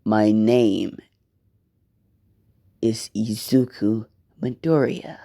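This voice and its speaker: A man's voice: lowish voice, extremely slow, creaky, full character voice. A man doing a cold, menacing vengeful young god. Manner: quietly menacing, cold threats. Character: vengeful young male hero turned god-like villain.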